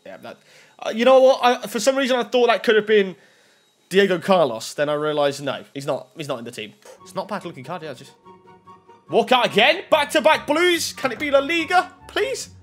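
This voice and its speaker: High, lively gamer, husky-voiced. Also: male voice, a little fast, faint music behind. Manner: excitable, bursts into shouts over big pulls. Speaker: gaming YouTuber. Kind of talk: pack-opening gaming commentary.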